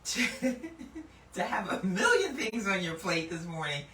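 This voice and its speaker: Animated woman teaching scripture, echoey room. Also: medium pitch. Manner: animated, laughs often, slows down to read scripture with emphasis. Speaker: Bible teacher and host. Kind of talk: casual Bible teaching. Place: indoor room. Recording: echoey room, mic at a distance, faint background noise.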